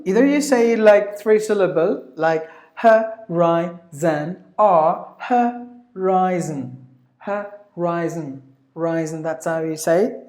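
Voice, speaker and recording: A woman's voice: medium pitch, darkish tone. Echoey woman teaching pronunciation. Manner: repeats words slowly, spells out letters. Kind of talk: pronunciation lesson. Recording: echoey room.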